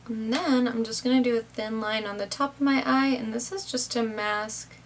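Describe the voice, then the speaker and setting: A woman's voice: a little high, fairly even intonation, moderate pace. A young woman casually narrating a makeup tutorial step by step, chatty with lots of "kinda, like".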